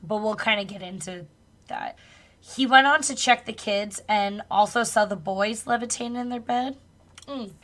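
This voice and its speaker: A woman's voice: mid-range voice, moderate pace, fairly bright tone. A woman co-hosting a podcast, casually retelling a spooky true story with loose swearing and laughs. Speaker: podcast co-host.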